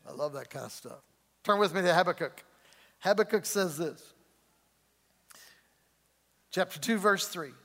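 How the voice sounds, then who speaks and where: A middle-aged male pastor preaching a sermon in a church in a chatty way, chuckling often and slowing down to stress key words. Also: sits high, fairly bright tone. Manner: conversational preaching, chuckles often, slows and rises for emphasis. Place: church sanctuary. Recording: long hall reverb.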